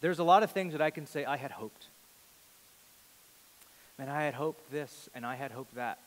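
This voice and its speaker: A man in his thirties preaching a sermon in a large church, earnest, rising to loud emphasis and dropping to a hush. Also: on the high side, moderate pace, long reverb tail. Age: 30s. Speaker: pastor.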